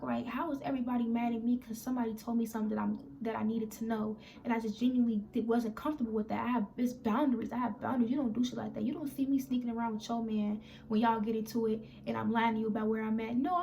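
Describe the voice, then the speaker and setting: A young woman with tells a story straight into her phone, voice pitched a bit high with a gravelly edge. She speaks candidly and in a rambling way, quoting others as she goes. Faint noise hums underneath. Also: dark tone. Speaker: vlogger. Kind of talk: emotional storytime vlog.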